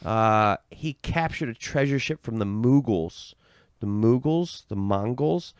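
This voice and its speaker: A man's voice: medium pitch, lively intonation, a little slow, clean tone, dry recording, studio quality. An American man co-hosting a podcast, recounting history loosely and hedging often. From United States. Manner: loose, hedging with "I think", swearing. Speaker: podcast co-host. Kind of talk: casual chat.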